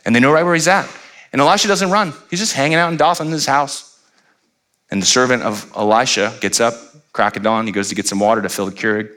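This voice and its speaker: A man preaching a sermon as pastor, animated, with playful asides and rising to near-shouts. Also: mid-range voice, quick pace.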